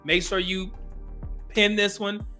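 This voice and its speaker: A man with a high, bright voice talks straight to his viewers as the host of his own commentary channel. His delivery is earnest and conversational, with faint music playing low behind him. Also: flat delivery, slow. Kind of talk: reaction commentary.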